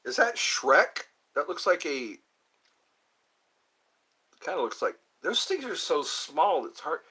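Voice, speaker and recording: An older man hosting a live stream, chatting casually with viewers in a rambling, playful way and slowly sounding out their names. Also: a little high, sing-song, bright, forceful tone, a little hiss or hum, poor audio.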